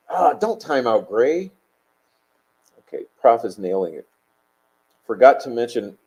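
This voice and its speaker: A man's voice: lowish voice, expressive, a little slow, mellow, poor audio. A man hosting a live stream, reading chat and talking bluntly, combative and profane.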